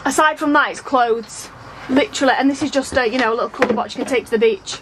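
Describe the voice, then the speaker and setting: A woman's voice: sits high, quick pace. A woman vlogging outdoors at a campsite, telling an exasperated story and acting out what people said. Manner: animated, exasperated, acts out quoted dialogue. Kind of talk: casual vlog storytelling. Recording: outdoor phone video with traffic noise. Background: passing cars and outdoor ambience.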